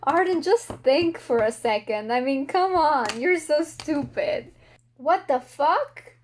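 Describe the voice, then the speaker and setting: A woman's voice: high voice, expressive, unhurried, slight background noise. A young woman book vlogger reacting aloud while reading, emotional and exclaiming, talking to the characters.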